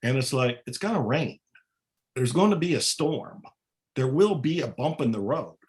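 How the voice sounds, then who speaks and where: Calm, earnest male podcast guest. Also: medium pitch, moderate pace. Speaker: podcast guest, spiritual author. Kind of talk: casual conversation.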